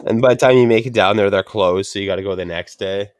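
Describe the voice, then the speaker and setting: A man's voice: fairly low pitch, quick pace, smooth. A middle-aged man telling a frustrated story in casual chat, swearing constantly and ranting. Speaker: podcast host.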